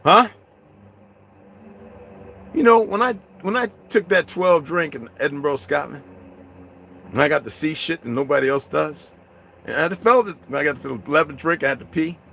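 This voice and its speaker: Profane, confrontational man, slightly high voice. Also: moderate pace, creaky, slight background noise. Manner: confrontational, profane, swings from low muttering to loud outbursts. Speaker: vlogger addressing his viewers. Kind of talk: unscripted rant to camera.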